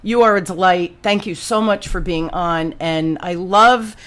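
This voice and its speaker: A woman hosting a podcast, chatting casually and telling stories in an animated, exclamatory way. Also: fairly low pitch, unhurried. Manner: animated storyteller, exclamatory, slangy. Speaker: podcast host. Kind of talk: casual chat.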